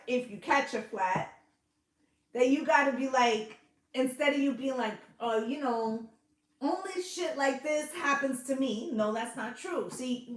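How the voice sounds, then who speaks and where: Her voice sits high and sounds a bit bright as she gives a casual tarot reading. Chatty and coaxing, the intuitive reader swears freely and checks in with listeners as she goes, with roomy echo around her.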